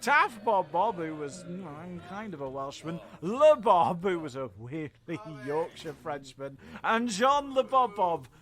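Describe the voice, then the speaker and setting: Brief: comedy podcast host, playful and theatrical, high-pitched. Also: male voice, very animated, slow, few pauses, fairly bright tone. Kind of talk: comic narration and credits.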